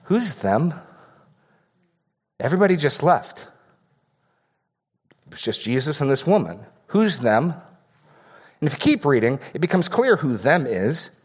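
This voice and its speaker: A man's voice: fairly high pitch, sing-song, normal speed, pauses often, slightly rough. A man preaching an expository sermon as pastor, earnest and emphatic, often repeating key phrases for stress.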